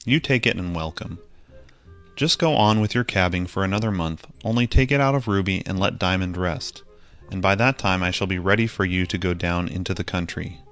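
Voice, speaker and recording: A man reading an audiobook voices a kindly gentleman who speaks in a courteous, reassuring way. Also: deep voice, brisk, soft background music. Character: kindly well-off gentleman, generous and calm.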